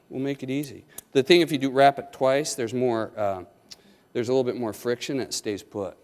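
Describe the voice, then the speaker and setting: A male surgeon with a mid-range, slightly mellow voice teaches knot tying live to an audience in a lecture hall, coaching step by step in a folksy, joking manner and constantly asking "okay?" His intonation stays fairly even at a normal speed, with a faint crowd and long hall reverb around him.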